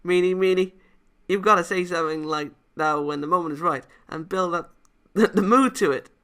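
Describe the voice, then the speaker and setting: A man's voice: high-pitched, moderate pace, a bit bright, clean tone, voice pushed up. A man voicing a blunt, boyish young female karate fighter who scolds and gets flustered. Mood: flustered, scolding. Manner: scolding, flustered, calls people idiot.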